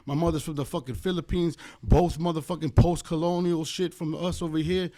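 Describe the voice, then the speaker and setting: A man's voice: fairly high pitch, fairly even intonation, a little fast, warm tone. An American man, a guest attorney on a podcast, talking in an impassioned, rambling, heavily profane way, with many fillers. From United States. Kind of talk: impassioned casual podcast chat.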